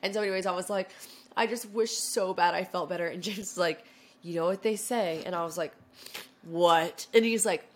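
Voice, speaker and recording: A young woman co-hosting a podcast in casual chat, congested and short of voice from a cold, talking in quick, chatty runs full of "like" and acted-out quotes. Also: on the low side. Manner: chatty, peppered with "like", acts out quotes. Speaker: podcast co-host.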